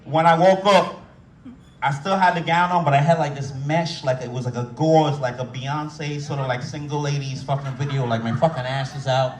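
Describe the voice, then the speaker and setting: A man tells a raunchy stand-up story with a slightly high voice, loud and animated, slipping into voices. He sounds a little distant from the mic. The room is echoey, with faint ambient noise behind him. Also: normal speed. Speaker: stand-up comedian.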